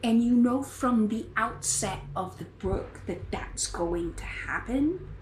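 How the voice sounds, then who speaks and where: A woman's voice: a little high, animated, slow, a little mellow. Woman rambling on her knitting podcast, real earnest, echoey room, bit of hiss. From United States. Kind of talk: casual chat. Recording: echoey room with faint noise.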